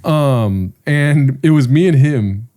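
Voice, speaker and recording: A man's voice: medium pitch, animated, takes it slowly, dark tone. A young man co-hosting a casual podcast, telling loose stories full of crude jokes. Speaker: podcast co-host.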